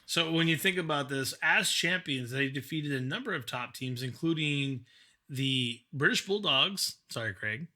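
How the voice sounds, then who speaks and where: A man co-hosting a casual podcast chat. His voice is very bright and forward, and he talks loosely, restarting phrases and adding asides. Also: on the high side. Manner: rambling, restarts and quick asides. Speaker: podcast co-host.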